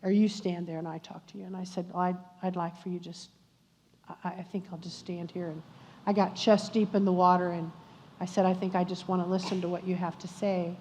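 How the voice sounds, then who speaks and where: A woman's voice: fairly low pitch, flat delivery, fairly quick, dark tone. An older woman tells a personal faith story at a church luncheon, acting out the dialogue with asides to the audience. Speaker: guest speaker at a church luncheon. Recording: muffled recording in a reverberant church hall.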